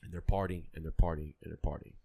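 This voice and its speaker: A man's voice: deep voice, fairly even intonation, fast, creaky, warm tone. A man, a wrestling coach and podcast guest, telling stories casually, repeating phrases and acting out the people he quotes. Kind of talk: casual storytelling. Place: podcast studio.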